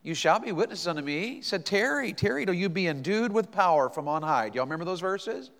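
A man preaching a revival sermon, stumbling over repeated words and swinging between loud exhortation and quiet asides. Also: high-pitched, lively intonation, fast. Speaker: pastor. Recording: long church reverb.

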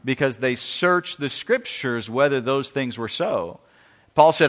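A man's voice: medium pitch, animated, normal speed, a bit bright. A man preaching a sermon in an earnest way, often restarting phrases and asking the congregation questions. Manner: earnest, repetitive, asks the audience questions. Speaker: pastor. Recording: long hall reverb.

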